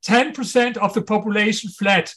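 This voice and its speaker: A man speaking English with a strong German accent, a guest author on an interview show. His voice sits fairly high for a man, and he hammers home his points, often repeating the key ones. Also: fairly even intonation, normal speed, pushed and bright.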